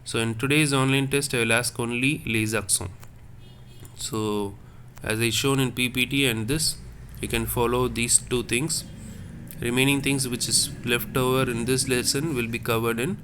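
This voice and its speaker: A man teaching a French class online, explaining slowly and correcting himself as he repeats words. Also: mid-range voice, a bit bright, a little hiss or hum. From India. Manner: slow, repetitive explaining with self-corrections.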